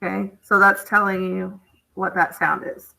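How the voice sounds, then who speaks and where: A woman's voice: medium pitch, level tone, a little slow, creaky, sharp tone. A woman teaching a phonics lesson, explaining step by step and checking in with "okay?".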